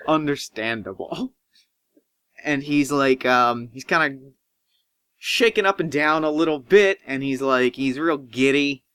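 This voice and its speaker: A man narrating a tabletop game as game master, animated and swinging in pitch as he describes scenes. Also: a little slow, clear, resonant tone, no room sound.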